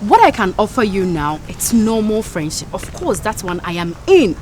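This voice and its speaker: A woman's voice: medium pitch, very animated, normal speed, a little mellow, a little hiss or hum, close to an everyday voice. An actress with a Ghanaian English accent playing a proud young woman who firmly turns down her lover in a comedy drama series. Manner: firm, dismissive. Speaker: Lottie, a girlfriend rejecting her partner.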